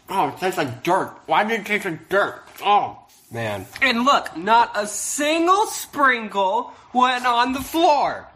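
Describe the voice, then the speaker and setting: Male YouTuber, jokey and mock-sincere, bouncy animated delivery, faint background hiss. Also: high voice, slow. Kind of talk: casual vlog.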